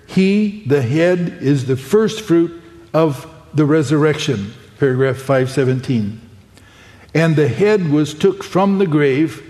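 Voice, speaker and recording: A man's voice: fairly high pitch, a little mellow. A man preaching a sermon. He reads quoted passages from a printed message aloud and breaks in with exclamations of his own. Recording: long hall reverb.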